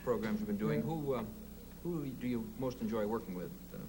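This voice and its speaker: A man's voice: lowish voice, fairly quick, low-quality recording. A man interviewing a guest, asking questions in a hesitant way full of fillers. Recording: loud background noise.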